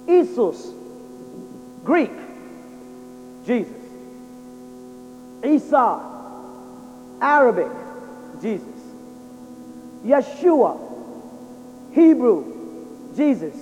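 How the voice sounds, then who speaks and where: A man's voice: sits high, animated, measured pace, long pauses, a little mellow, a little hiss or hum. A man giving a religious lecture to an audience, drilling his listeners with rhetorical questions. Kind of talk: lecture-style sermon to an audience. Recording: dull lo-fi recording in a reverberant hall.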